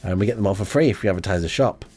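A man hosting an amateur radio show in a rambling, hesitant, deadpan comic monologue full of ums. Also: low voice, rapid-fire, faint music behind.

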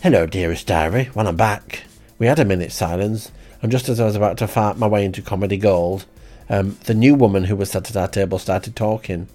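A man telling a comic diary story in a deadpan, rambling way. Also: fairly low pitch, a little fast, soft background music. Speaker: comic diarist.

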